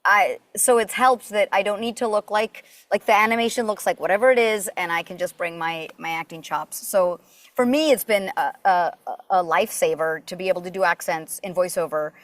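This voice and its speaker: A woman's voice: on the low side, a little fast, no echo. A woman who grew up in Puerto Rico, a voice actor chatting as a podcast guest and telling stories with lots of fillers. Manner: chatty, animated storytelling with many fillers. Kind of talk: casual interview chat.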